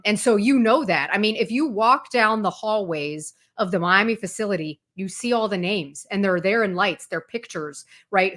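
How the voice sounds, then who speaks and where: A woman's voice: mid-range voice, fairly bright tone. A woman sports reporter, a guest on a sports talk show, explaining in fluent detail and retelling anecdotes with energy. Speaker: college football reporter, guest.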